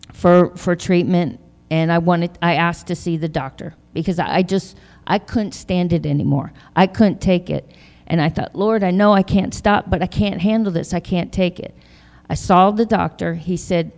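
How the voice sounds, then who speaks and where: A middle-aged woman shares her testimony in a slow, unhurried voice that sits a little low. She talks haltingly and with feeling, often repeating phrases. A long hall reverb trails after her words. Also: darkish tone. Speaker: church member sharing testimony. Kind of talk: personal testimony.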